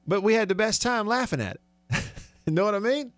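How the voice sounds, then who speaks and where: A chatty man hosts sports talk radio with an upbeat manner and frequent laughs. His voice sits a little high for a man. The studio mic gives a dry, close sound. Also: lively intonation, a little fast, dry recording. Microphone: studio microphone.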